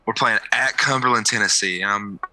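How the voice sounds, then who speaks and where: A young man with a very bright, forceful voice, chatting about sports on a podcast. He tells stories with animation and shoots his pitch up for the punchlines. The sound is very dry and close to the mic. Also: brisk, dry recording, rough recording. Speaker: podcast co-host and basketball coach. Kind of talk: casual sports chat.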